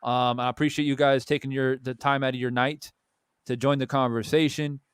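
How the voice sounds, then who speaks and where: A man's voice: mid-range voice, brisk, clean tone, no room sound. A young adult man hosting a boxing talk show, speaking in a casual, blunt way with swearing and many restarts while he tells a story. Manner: animated storytelling with many restarts and repeated words. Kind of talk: casual chat.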